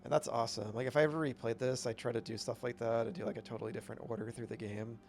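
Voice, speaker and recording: A man's voice: mid-range voice, steady tone, rapid-fire, gravelly, a little mellow, slight background noise. A man streaming a video game, chatting casually with rambling, upbeat commentary. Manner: rambling, self-correcting, upbeat.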